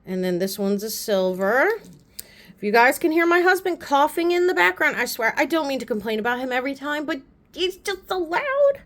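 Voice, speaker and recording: A woman's voice: high-pitched, very animated, fairly bright tone. Chatty woman gushing over nail polish. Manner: chatty and gushing, repeats "pretty" often; quick asides and self-aware rambling. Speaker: beauty vlogger. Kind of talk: casual haul chat to camera.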